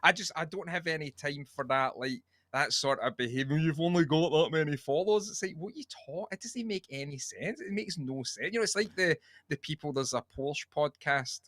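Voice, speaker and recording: A man's voice: a little high, lively intonation, a little fast, hardly any pauses, fairly bright tone, no echo. A Scottish man co-hosting a podcast, rambling and sweary in casual chat. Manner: rambling and sweary, with many restarts. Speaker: podcast co-host.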